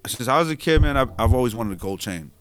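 A man's voice: medium pitch, lively intonation, fast, clear, resonant tone. A man in his thirties co-hosting a casual chat, telling slangy stories and laughing through the punchlines. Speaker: podcast co-host.

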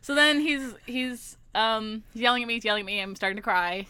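Bright fast-talking young woman storyteller. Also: on the high side, clear, resonant tone, no echo. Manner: animated storytelling, acts out callers, laughs often. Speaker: podcast co-host. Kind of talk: casual chat.

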